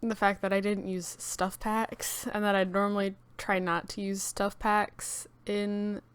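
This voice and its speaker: A woman's voice: medium pitch, little pitch movement, a little slow, clear, resonant tone. A young woman with a cracking morning voice, rambling casually with many fillers as she talks over her game build video. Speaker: YouTube gaming creator.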